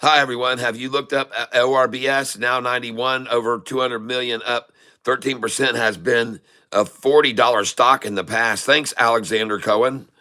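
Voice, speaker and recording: A middle-aged man hosting live day-trading commentary, excitable and folksy, repeating phrases for emphasis. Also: mid-range voice, moderate pace. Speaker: day trader host.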